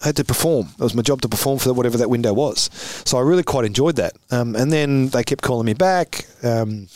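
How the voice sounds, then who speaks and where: A man in his forties with an Australian accent, a former footballer telling stories as a guest, animated and often laughing. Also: mid-range voice, fast talker, no room sound. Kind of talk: casual storytelling interview.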